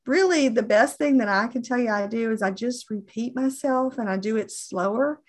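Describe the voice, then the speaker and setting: Earnest woman coaching phone sales. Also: a little high. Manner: earnest, repeats herself, slow deliberate delivery. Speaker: insurance sales trainer.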